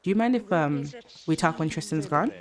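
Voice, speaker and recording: A woman's voice: deep voice, expressive, brisk, crowd noise. A woman voicing an ambitious young wife character in her life-sim game. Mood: earnest.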